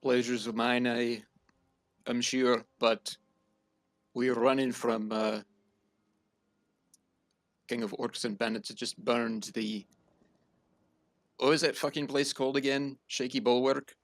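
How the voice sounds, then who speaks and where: A man's voice: mid-range voice, little pitch movement, slow pace, long pauses, dry recording. A man playing a curt, tired male adventurer who is fleeing orc raiders, speaking plainly. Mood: wry.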